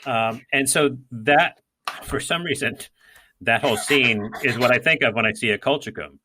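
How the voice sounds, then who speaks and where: A man's voice: medium pitch, moderate pace, pushed and bright. A man co-hosting a podcast, talking casually and rambling with many fillers and restarts. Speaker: podcast co-host. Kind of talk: casual gardening chat.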